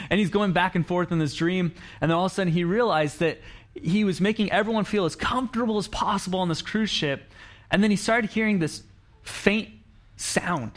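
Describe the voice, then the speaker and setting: A man's voice: a little high, steady tone, fairly quick. Man preaching in a conversational way. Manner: conversational preaching, acts out quoted lines, frequent restarts. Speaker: pastor. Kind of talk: sermon.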